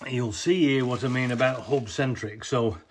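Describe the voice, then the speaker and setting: Using a handheld camera he operates himself, a vehicle owner walks through his work on a jacked-up off-roader for a casual how-to vlog. He speaks at a moderate pace in a mid-range voice, rambling and correcting himself, with slight background noise behind him.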